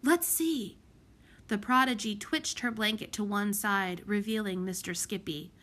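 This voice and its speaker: A woman narrating a children's audiobook in an expressive, measured way. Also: mid-range voice. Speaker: audiobook reader.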